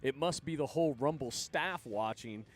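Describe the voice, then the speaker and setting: A man's voice: mid-range voice, normal speed. A man chatting casually on his livestream, rambling, swearing freely and laughing often between thoughts. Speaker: livestream host.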